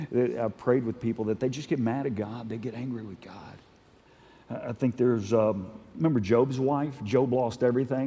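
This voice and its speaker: A man's voice: fairly low pitch, mellow. A male pastor preaching a conversational sermon to a live congregation, building to emphatic, repeated points. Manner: conversational preaching, with rising intensity and emphatic repetition. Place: church sanctuary. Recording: long hall reverb.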